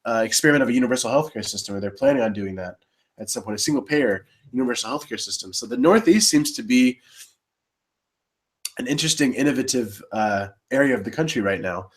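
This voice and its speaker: A man co-hosting live election coverage in casual panel talk, rambling with many restarts and getting excited about voting systems. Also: medium pitch, quick pace.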